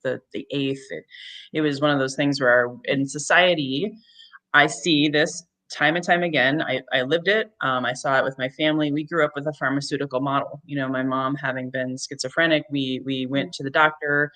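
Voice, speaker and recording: A woman host with an unusually deep, low voice for a woman. She talks in a casual interview style and reacts effusively to her guest. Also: steady tone, moderate pace, a bit bright, poor audio. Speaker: podcast host.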